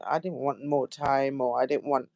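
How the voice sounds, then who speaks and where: A woman's voice: rumbling low, fairly even intonation, moderate pace, vocal fry, darkish tone, dry recording. An older woman, a guest in a casual interview, telling anecdotes, acting out quotes and often ending with "you know?". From United Kingdom.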